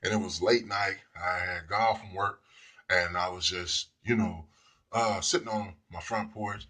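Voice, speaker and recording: A man's voice: deep voice, fairly even intonation, unhurried, pushed and bright. A man telling a personal story in a loose, rambling way, now and then acting out the people in it. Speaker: speaker telling personal stories. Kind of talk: casual storytelling monologue.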